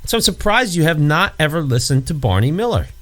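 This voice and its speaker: A man's voice: very animated, brisk, a bit bright. A man co-hosting a casual chat, rambling through stories, swearing freely and acting out scenes. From New York area. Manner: rambling storyteller, swears, acts out scenes in high put-on voices. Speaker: podcast co-host.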